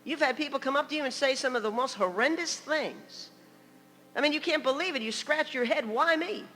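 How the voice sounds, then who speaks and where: An older woman preaching a sermon, telling stories in a lively, laughing manner. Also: high voice, brisk. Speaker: guest preacher. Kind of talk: humorous sermon storytelling. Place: church sanctuary. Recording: long church hall reverb.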